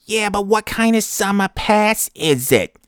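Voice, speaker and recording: An insistent front-desk woman with a thick New Hampshire accent pushes her question in a raised, nasal voice, as a man puts her on. She talks slowly, and the sound is dry and close. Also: high-pitched, animated, a bit bright, clear, resonant tone, dry recording, pitched above the performer's own voice. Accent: New Hampshire, exaggerated. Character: pushy adult woman at a trampoline park front desk.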